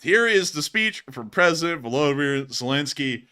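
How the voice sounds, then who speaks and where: A man's voice: fairly high pitch, animated, normal speed, sharp tone, smooth. A man from the United States hosting casual war news commentary, chatty and laughing often.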